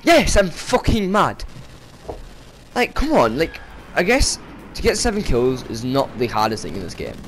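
Over slight background noise, a young man at medium pitch rants through casual gameplay commentary, his voice swinging hugely in pitch at a moderate pace. This gaming commentator swears and gets exasperated, erupting in sudden outbursts.

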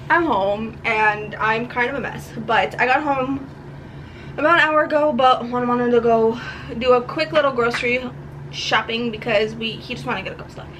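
A woman's voice: a little high, moderate pace, fairly bright tone, slight background noise, rough recording. A young woman from New chatting casually in a book vlog at home, rambling and gushing with frequent laughs. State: tearful. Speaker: book vlogger. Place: home room.

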